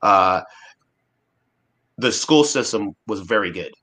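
A man's voice: on the low side, animated, slow, sharp tone. A man in his forties from Alaska, a guest speaking earnestly and emphatically in a casual discussion, often restarting his sentences. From Alaska, USA.

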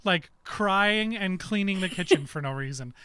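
A man co-hosting a podcast, telling a story in casual chat, animated and swearing freely. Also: high voice, normal speed, clean tone. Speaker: podcast co-host.

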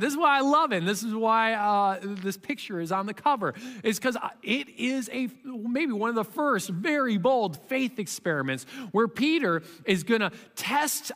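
A man preaching a conversational sermon, reading scripture aloud and talking it through in an animated way. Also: sits high, big-room sound. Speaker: pastor.

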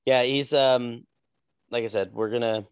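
Casual man co-hosting, halting. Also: medium pitch, steady tone, clear, resonant tone, no echo. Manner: profane, halting, restarts often. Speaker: podcast co-host. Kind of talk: casual chat about fights.

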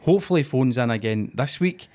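A man's voice: mid-range voice, lively intonation, fast, darkish tone. A man hosting a podcast, chatting casually and swearing freely. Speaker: podcast host. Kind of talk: casual chat.

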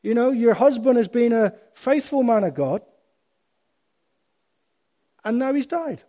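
A middle-aged man preaching a sermon in an emphatic, animated way, with sudden loud bursts. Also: extremely high pitch, a little slow.

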